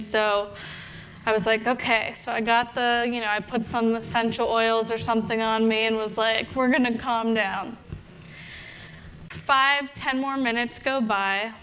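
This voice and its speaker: Animated woman telling a story on stage. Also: a little high, unhurried, slight background noise. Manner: animated, acts out her own inner thoughts. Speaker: health coach and speaker. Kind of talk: storytelling talk to an audience.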